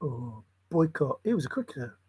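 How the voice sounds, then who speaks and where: A man's voice: mid-range voice, sing-song, normal speed, darkish tone, husky, no room sound. A man rambling in a solo monologue, muttering to himself and breaking into sudden exclamations. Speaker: channel host.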